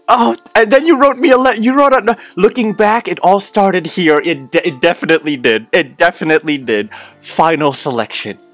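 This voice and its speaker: A man hosting an excited unboxing vlog, gushing and exclaiming, repeating his thanks again and again. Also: sits high. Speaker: unboxing host.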